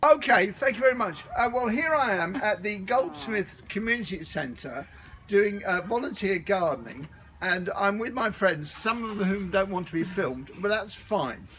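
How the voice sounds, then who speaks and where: A man's voice: sits high, animated, normal speed, fairly bright tone, slight background noise. A middle-aged man, chatting to camera in a rambling, jokey way, outdoors at a community garden and filmed by a friend. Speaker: vlogger. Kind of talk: casual chat to camera. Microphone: camera held by a friend filming.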